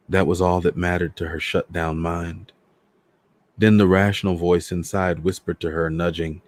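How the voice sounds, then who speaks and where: A man hosting a storytime show, reading a novel aloud in a measured, dramatic way. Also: low-pitched, little pitch movement. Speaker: storyteller host.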